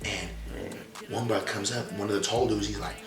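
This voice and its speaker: A young storytelling vlogger casually retells a story in slangy, profane language, acting out quotes along the way. His voice is on the low side, with fairly even intonation and normal speed, recorded with roomy echo and faint background music.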